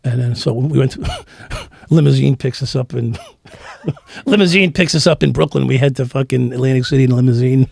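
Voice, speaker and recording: Gravelly New man telling stories. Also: mid-range voice, brisk, a little mellow, no room sound. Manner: profane, laughing anecdotal storytelling. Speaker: interview guest, former police officer. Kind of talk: casual storytelling interview.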